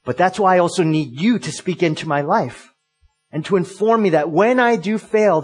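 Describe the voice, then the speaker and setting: A male pastor giving an earnest, emphatic sermon, pausing and restarting as he works through his points. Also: fairly high pitch, husky.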